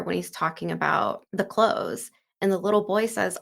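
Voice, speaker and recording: Gravelly-voiced woman chatting about a book. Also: mid-range voice, normal speed. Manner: chatty, many fillers like "like" and "kind of". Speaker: book discussion host. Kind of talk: casual book breakdown.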